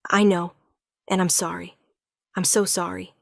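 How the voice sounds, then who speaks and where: A woman's voice: on the low side, little pitch movement, a little slow, vocal fry, no echo, clean studio sound. A woman voicing a remorseful young male werewolf king who pleads earnestly with his wife. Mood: pleading.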